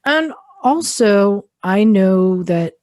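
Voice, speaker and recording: A woman co-hosting a motorcycle podcast, chatting casually and thinking out loud with many pauses and ums. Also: medium pitch, animated, no echo, studio quality. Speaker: podcast co-host. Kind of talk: casual chat.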